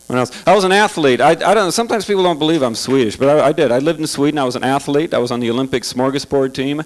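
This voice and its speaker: A man's voice: mid-range voice, very fast, few pauses, rough recording. A man doing a stand-up comedy set in a club, sarcastic and chatty, asking the crowd questions.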